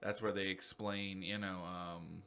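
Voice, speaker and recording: Excitable, rambling young man on a podcast. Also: low voice, unhurried, slight background noise. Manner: rambling, excitable, swears freely. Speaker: podcast co-host. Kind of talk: casual podcast chat.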